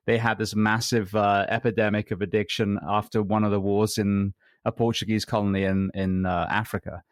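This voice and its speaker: A man hosting a podcast interview, asking questions and telling a backstory in a thoughtful, measured way with frequent ums. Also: on the low side, flat delivery, clear, resonant tone, no room sound, studio quality. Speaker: podcast host.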